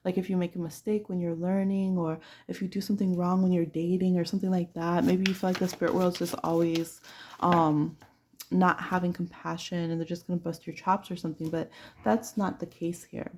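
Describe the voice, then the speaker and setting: A woman's voice: lowish voice, little pitch movement, fairly quick, darkish tone. A woman giving a chatty pick-a-card tarot reading who laughs often and acts out little voices. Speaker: tarot reader.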